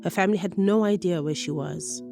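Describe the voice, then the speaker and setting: A woman narrating a radio documentary in a measured, clear storytelling manner. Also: on the low side, over music.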